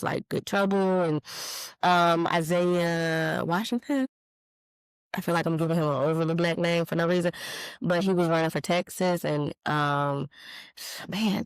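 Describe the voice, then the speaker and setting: A woman hosting a podcast, talking in a rambling, profane, animated solo monologue full of emphatic rhetorical questions. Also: on the low side, clear, resonant tone, no echo, poor audio. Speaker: podcast host.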